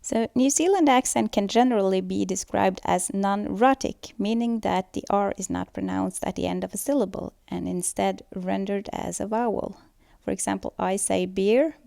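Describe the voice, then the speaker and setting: This school presentation voice-over comes from a woman with a creaky, dark, medium-pitched voice, recorded studio-clean without echo. She steadily walks through a scripted talk on pronunciation, now and then using fillers.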